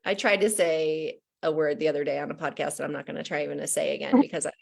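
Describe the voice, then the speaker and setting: A woman's voice: low voice, fairly even intonation, quick pace, gravelly. A middle-aged woman from New Jersey with a New Jersey accent, hosting a podcast in candid, casual conversation and laughing often. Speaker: podcast host.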